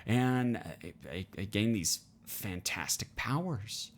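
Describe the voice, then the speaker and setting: A young podcast co-host with a lowish, vocal-fried voice and lively intonation talks slowly through a casual film review. He rambles and restarts his sentences often.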